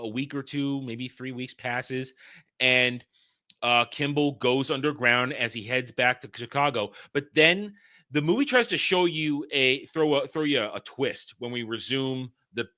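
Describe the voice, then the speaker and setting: A man's voice: medium pitch, sharp tone. A man hosting a casual film discussion, rambling and stumbling over words as he laughs along. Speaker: podcast host.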